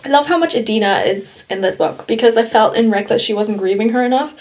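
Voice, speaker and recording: A woman's voice: on the high side, fast talker, darkish tone. A woman vlogging her reading, giving a gushing, emotional running commentary full of laughter. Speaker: book vlogger. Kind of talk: casual reading vlog reactions.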